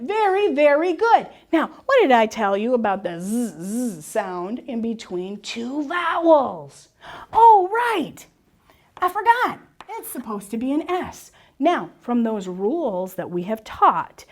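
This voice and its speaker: A woman teaching a class on spelling and syllable rules, encouraging and asking questions she answers herself. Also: a little high. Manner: lively, encouraging, asks and answers her own questions.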